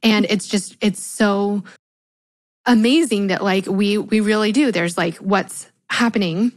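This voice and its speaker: A woman's voice: mid-range voice, a little slow. A woman hosting a podcast, chatting eagerly and agreeing with her guest. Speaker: podcast host. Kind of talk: casual chat.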